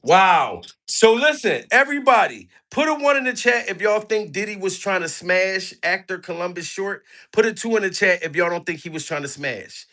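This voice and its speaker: A man doing crude, animated commentary on a live stream, hyping up his chat. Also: high voice, moderate pace, few pauses.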